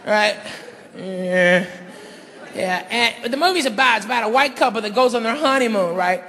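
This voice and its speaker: A male stand-up comedian telling an animated story on stage. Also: high-pitched, moderate pace, big-room sound. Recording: live comedy show, loud crowd.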